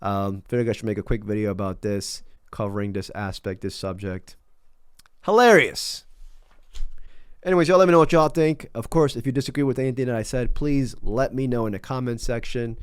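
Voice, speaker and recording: A man's voice: mid-range voice, fast, few pauses, a little mellow, smooth, no echo. A man doing casual, mocking commentary on a video clip, laid-back and loose. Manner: mocking, laid-back, many fillers and restarts. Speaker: commentary YouTuber.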